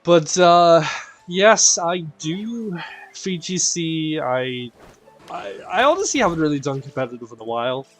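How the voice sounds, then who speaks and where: A man's voice: a little high, measured pace. A man hosting a live stream, chatting playfully with his viewers. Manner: animated and playful, addressing chat as "people". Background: faint game music.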